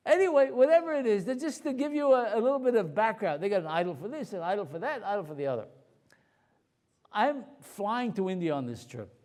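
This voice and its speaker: Animated storytelling rabbi, fairly high voice. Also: male voice. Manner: animated, anecdotal, with asides and repeated words. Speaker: rabbi and lecturer. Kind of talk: storytelling talk to an audience.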